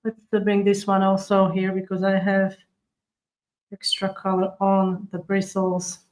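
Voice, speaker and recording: On a live baking tutorial, a woman who hosts a cookie-decorating livestream decorates at her table and walks viewers through each step, responding to their comments as she goes. She talks in a chatty, unhurried way, with a mid-range, darkish voice and a completely flat delivery that has little rise and fall. The audio quality is poor.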